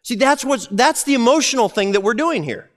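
A man preaching with a high, lively voice that leaps up and down as he talks. He keeps it conversational and animated, tossing in quick voiced asides as he goes. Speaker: pastor. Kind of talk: sermon.

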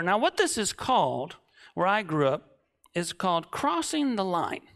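A man in his late thirties preaching, telling a comic story that swings from shouting to hushed. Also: sits high, very animated, a little slow. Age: 30s.

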